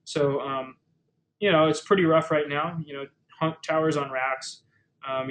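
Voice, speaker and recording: On a low-quality recording, a man presents a webinar in a relaxed, explanatory style, his medium-pitched voice slightly bright. He uses lots of fillers and frequently restarts his phrases.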